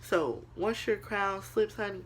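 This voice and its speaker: A woman's voice: mid-range voice, measured pace, slight background noise. A young woman vlogger in casual motivational talk to the camera, earnest and preachy, calling viewers girl and honey.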